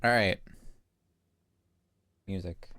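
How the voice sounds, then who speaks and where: A man's voice: sits low, drawn-out words, pushed and bright, no echo. A man from Canada with a light Canadian accent, chatting playfully as he streams a video game. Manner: chatty, playful, chuckles often. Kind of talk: casual live gameplay chat.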